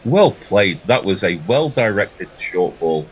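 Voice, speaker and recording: A man giving relaxed ball-by-ball cricket commentary, chatty and laughing between deliveries. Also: lowish voice, takes it slowly, lo-fi sound.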